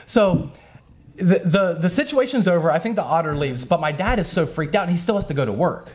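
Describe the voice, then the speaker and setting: Young man, podcast storyteller, lively pitch, laughs while talking, acts out voices. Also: a little fast, crowd noise. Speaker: podcast host telling a story. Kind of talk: casual storytelling.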